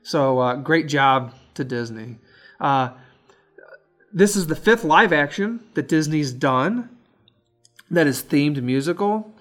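A man co-hosting a casual film review chat, relaxed and rambling with lots of fillers. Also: on the high side, slow, long pauses, faint music behind. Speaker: podcast co-host.

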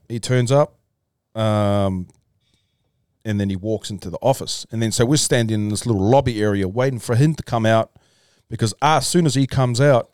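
A man's voice: fairly low pitch, a little mellow, clear, resonant tone, dry recording, studio quality. A man, a podcast guest, telling a long story in loose casual chat, swearing freely and calling people "bro". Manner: loose, swearing, says "bro", talks in restarts.

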